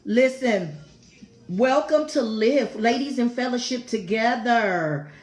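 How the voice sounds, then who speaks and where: A woman's voice: a little high, lively intonation, slow pace, echoey room, faint music behind. A middle-aged woman, hosting a women's fellowship livestream and repeatedly welcoming viewers in by name. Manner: warm, effusive, repetitive greetings to viewers. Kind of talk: casual live-stream welcome.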